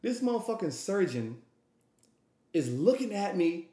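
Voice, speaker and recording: Male streamer, brash rambling storyteller, curses a lot, higher-pitched voice, echoey room. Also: measured pace. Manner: profane, rambling, acts out quotes. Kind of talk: animated storytime.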